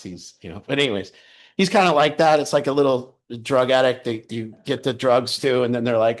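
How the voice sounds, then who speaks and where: A man with a mid-range voice talks a little fast as he shares a personal story in a casual, rambling way. He frequently restarts sentences and laughs as he goes.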